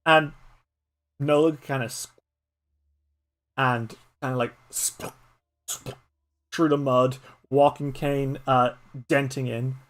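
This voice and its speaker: A streamer narrating a solo tabletop game, with many halting fillers. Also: mid-range voice, steady tone. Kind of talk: improvised story narration.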